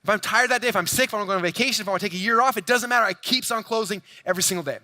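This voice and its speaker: In a large hall, a man on stage pitches to a big audience with quick, energetic delivery. His high voice comes across close and dry rather than echoey. He's playful and talks directly to the people watching.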